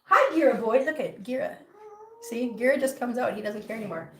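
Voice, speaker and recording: A middle-aged cat channel host talks about her cats on a casual livestream from home, teasing and reading out comments. Her voice is a little high, bright and expressive, and she speaks a little fast, with some hiss or hum in the echoey room.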